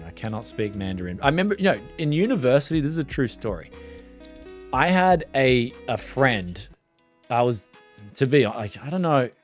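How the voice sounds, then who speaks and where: An Australian man hosting a tech live stream. He chats casually and rambles, restarting his sentences often. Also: lowish voice. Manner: rambling and chatty, with frequent restarts.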